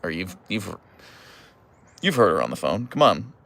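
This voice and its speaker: A man's voice: low voice, sing-song, moderate pace, a bit bright. A man from Pittsburgh with a Pittsburgh accent, chatting casually on a livestream, reading viewer comments and teasing. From United States. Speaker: livestream host reading chat.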